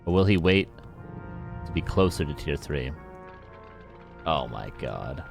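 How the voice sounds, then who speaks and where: The caster's bass voice is gravelly, expressive, and a little slow as he narrates a live strategy game match. He keeps up a chatty rapport with his chat, laughing at himself, while game music and effects run underneath.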